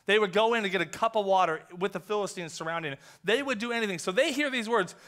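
Guy pastor preaching in church, chatty storytelling, kinda high bright voice. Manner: conversational, storytelling with quick acted asides. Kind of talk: sermon. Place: church sanctuary.

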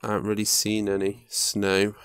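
A man's voice: lowish voice, monotone, moderate pace, fairly bright tone, smooth. A young man muttering to himself and swearing casually while commenting on his own gameplay. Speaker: gaming YouTuber. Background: faint game music.

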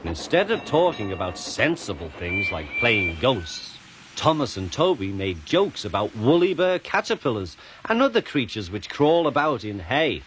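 A man with a British accent reading a children's storybook aloud in an expressive way, with music playing behind. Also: medium pitch, normal speed, noisy background.

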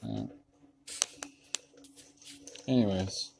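A man's voice: on the low side, extremely slow, creaky, slight background noise. A man vlogging outdoors while metal detecting, talking casually and bursting into awed exclamations over his finds. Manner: excitable, breaks into awed exclamations. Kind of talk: casual vlog narration.

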